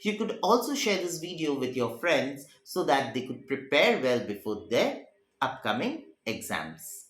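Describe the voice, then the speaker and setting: A man's voice: medium pitch, sing-song, measured pace, a bit bright. A man reads a story aloud for students and paraphrases each passage in simple words. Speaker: teacher. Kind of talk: reading and explaining a story for a class. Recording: roomy echo.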